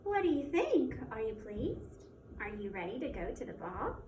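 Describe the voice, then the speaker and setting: Storybook fairy godmother voiced by a woman reader, gentle and kind, fairly high, echoey distant recording. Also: very animated, moderate pace, a little hiss or hum. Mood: pleased. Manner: gentle, soft, warm-hearted. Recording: echoey room, mic at a distance.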